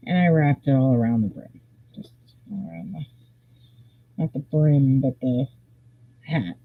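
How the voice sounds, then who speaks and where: A live stream host telling a rambling story in a casual, animated way, swearing freely. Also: mid-range voice. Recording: tinny phone-like audio.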